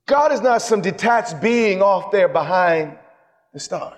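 Male pastor, impassioned sermon delivery, higher-pitched voice, long reverb of a large hall. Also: lively intonation, measured pace. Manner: impassioned preaching, swings between loud and hushed. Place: large room with an audience.

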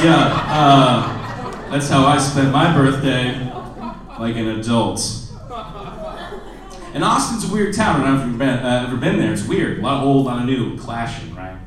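A man in his twenties doing a stand-up comedy set, self-deprecating, dropping to a low mutter and then bursting into loud shouted bits. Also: very echoey, recorded from a distance, slight background noise, poor audio. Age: 20s. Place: comedy club stage. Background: audience laughter.

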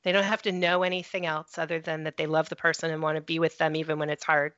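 A woman hosting an interview, speaking in a measured, affirming and reflective way. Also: deep voice, flat delivery, a bit bright, no echo. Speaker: podcast host. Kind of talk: conversational interview. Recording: dry, lo-fi close recording.

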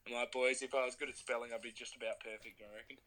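A man's voice: mid-range voice, flat delivery, quick pace, a bit bright, rough recording. A young Australian man co-hosting a casual podcast chat, telling stories animatedly and laughing at himself. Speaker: podcast co-host.

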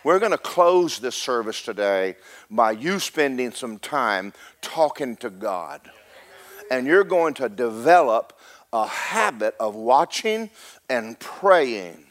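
A middle-aged man preaching a sermon as pastor, rising to a loud rhythmic peak and slipping in joking asides to the congregation. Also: mid-range voice, very animated, measured pace.

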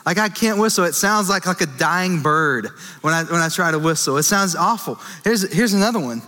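Man, 20s, casual sermon, joking with the crowd, bright voice, long hall reverb. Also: a little high, expressive, a little fast. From Texas. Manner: joking, self-deprecating, talks to the crowd. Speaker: young adult ministry pastor. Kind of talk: casual sermon to a live group. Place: church meeting hall.

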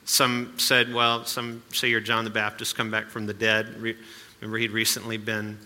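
Bright-voiced man preaching in a hall. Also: lowish voice, monotone, normal speed. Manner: conversational, with asides and rhetorical questions. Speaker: pastor. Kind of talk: sermon.

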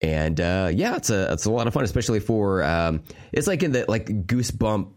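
A man hosting a podcast, talking casually with a hoarse voice, rambling with lots of fillers and swearing. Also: lowish voice, very animated, a little fast, darkish tone. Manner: loose, profane, rambling with many fillers. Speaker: podcast host.

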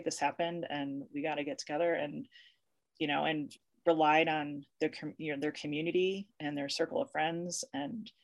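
Low-pitched woman, interview guest, emotional and talkative. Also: creaky. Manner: emotional, chatty storyteller who laughs easily. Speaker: interview guest, university professor. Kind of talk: conversational interview.

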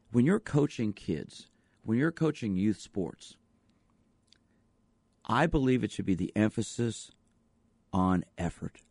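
A fairly low-pitched male voice with a darkish tone comes through with no room sound. In his radio talk monologue as a sports psychologist host, he presses his points emphatically through repeated rhetorical questions.

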